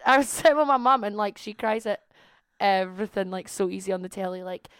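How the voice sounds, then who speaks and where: A woman's voice: medium pitch, fairly quick, clear, resonant tone, no echo, clean studio sound. A young woman in her twenties co-hosting a casual podcast, chatty and giggly, rambling through her stories. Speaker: podcast co-host. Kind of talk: casual chat.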